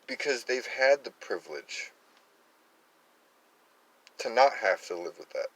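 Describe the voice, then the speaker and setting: A man's voice: mid-range voice, very animated, a little slow, fairly bright tone, poor audio. A man from Massachusetts with a light Worcester accent, talking through opinionated political commentary in a rambling monologue full of fillers and restarts.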